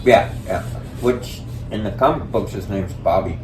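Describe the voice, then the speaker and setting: Male co-host, relaxed film chat, low voice, roomy distant recording with light noise. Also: measured pace. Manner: laid-back, agreeing, profane. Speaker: podcast co-host. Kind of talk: casual movie review chat.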